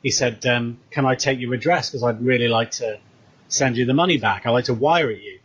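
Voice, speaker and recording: A man's voice: mid-range voice, brisk, slightly rough, highs cut off. A British man casually retelling a story, acting out the dialogue as he goes. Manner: animated retelling with quoted dialogue. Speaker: co-host.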